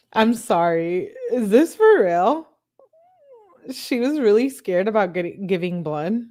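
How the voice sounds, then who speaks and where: A woman hosting a channel reads viewers' text messages and chat comments aloud in a plain, steady way, at a slow pace with long pauses and a medium pitch. She breaks off for blunt, disbelieving asides to her viewers.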